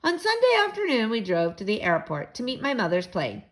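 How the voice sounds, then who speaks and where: A woman reads a children's book aloud to young listeners. Her storytelling is expressive and animated, and her pitch swings freely from line to line. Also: brisk.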